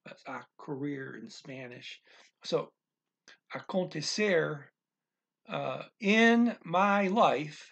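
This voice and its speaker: A man teaching a language in a casual, thinking-aloud way, reading phrases slowly and restarting often. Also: on the high side, vocal fry, breathy edge, lo-fi sound. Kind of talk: casual explanatory lesson.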